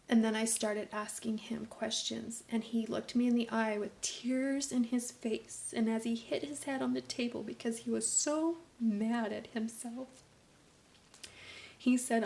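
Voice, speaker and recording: A woman's voice: a little high, vocal fry, a little mellow. Earnest mother vlogging, dropping to whispers. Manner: earnest, preachy, drops to whispers for emphasis. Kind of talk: emotional personal vlog monologue.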